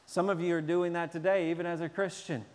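Animated high-voiced preacher in a reverberant hall. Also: male voice, fast talker. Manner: animated, acts out shouting children. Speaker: pastor. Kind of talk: sermon.

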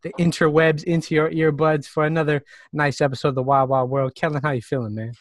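A man's voice: a little high, flat delivery, quick pace, dry recording, studio quality. A man from South Carolina co-hosting a podcast in a playful, slangy, hyped-up way. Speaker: podcast co-host. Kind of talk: casual chat.

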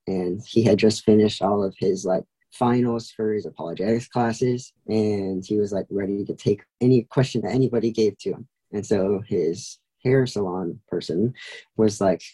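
A young man speaks as a podcast guest, recounting events loosely and filling gaps with "like". His voice sits low and very dark, with a husky, slightly rough edge. He chuckles now and then while he talks. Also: low-quality recording. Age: young adult. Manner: casual, filler-heavy with frequent "like", laughs lightly. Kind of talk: casual interview storytelling.

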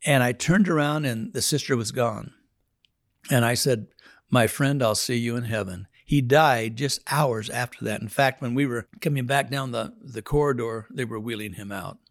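A man's voice: mid-range voice, normal speed, dry recording, studio quality. A man who leads a prison Bible study tells his own testimony in an earnest, emphatic way, often repeating words. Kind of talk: spoken testimony.

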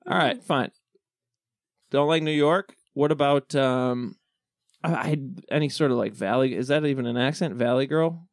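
A man's voice: mid-range voice, measured pace, pauses often, dry recording, studio quality. A man co-hosting a podcast, rambling and joking in casual banter, full of restarts. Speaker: podcast co-host.

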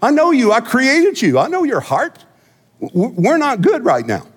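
A man's voice: extremely high pitch, wildly swooping pitch, a little slow, husky, voice pushed up, exaggerated voice. A man acting out an exasperated God who scolds hollow worshippers in incredulous, rising questions, in a reverberant church.

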